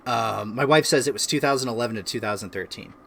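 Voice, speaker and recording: A man's voice: medium pitch, quick pace, fairly bright tone, slight background noise. A man hosting a casual chat from his home by the fire, telling a story in a laid-back way and laughing often. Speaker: streamer and host. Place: at home by a fireplace.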